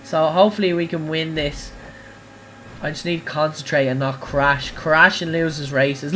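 Bright, excitable gaming streamer. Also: male voice, a little high, normal speed. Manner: excitable, cries out at crashes and wins. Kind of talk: live gameplay commentary.

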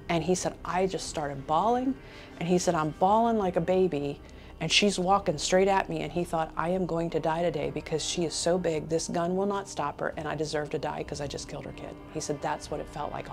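Woman interviewee, lowish voice, earnest retelling with quoted lines, soft music bed. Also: creaky. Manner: earnest retelling that slips into quoting others. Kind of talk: casual storytelling.

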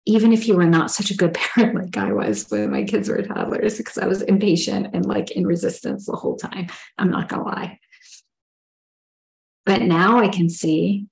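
A woman's voice: medium pitch, animated, normal speed, vocal fry, poor audio. A middle-aged woman giving a spoken spiritual teaching in an earnest, reflective way, sometimes acting out inner dialogue.

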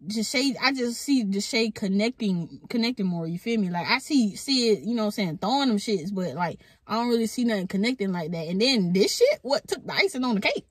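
A woman vlogger reacting to a fight video in casual, excitable commentary, with loud exclamations, laughter and lots of swearing. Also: medium pitch, a little fast, few pauses, husky, dry recording. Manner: swears freely, talks to viewers directly.

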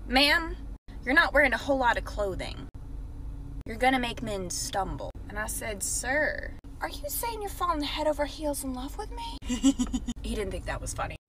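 A woman with a high voice tells a storytime in a sarcastic, dry way, now and then sinking into a whisper. There is plenty of noise behind her on the phone recording. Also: sing-song, moderate pace. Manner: sarcastic, dips into whispered asides. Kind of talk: casual storytime to camera.

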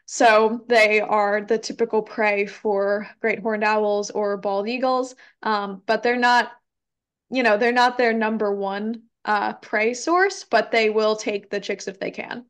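A woman's voice: medium pitch, level tone, slow pace, a bit bright, smooth. A young woman giving a casual educational presentation and answering questions, with frequent ums and hedging. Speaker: environmental educator giving a talk.

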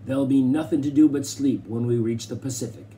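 A proper butler speaks with careful courtesy, as a man reads him. The tone is mellow and measured, each phrase placed with polish. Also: medium pitch, slight background noise, natural voice. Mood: formal. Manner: polite, precise. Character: formal, clever male butler.

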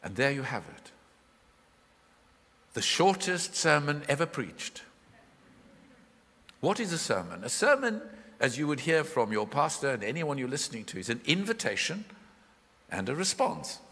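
A man preaching a live sermon in a church, expressive and full of questions to his listeners. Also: fairly high pitch, moderate pace, long pauses, slightly rough. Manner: expressive, questioning, voices the Bible figures in his retelling. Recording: hall reverb from a live church.

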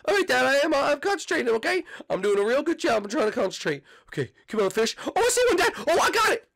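A man's voice: very high-pitched, very animated, quick pace, creaky, a bit bright, pitched above the performer's own voice, exaggerated voice. A man voicing a panicky, mischievous ten-year-old cartoon boy in a fan role-play over gameplay, whiny and stammering. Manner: whiny and frantic, wailing and stammering.

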